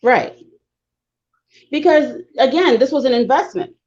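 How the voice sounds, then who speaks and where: A woman speaking as a guest on a talk show, explaining history in an emphatic, lecturing way with fast bursts. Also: high-pitched, animated, darkish tone, dull audio.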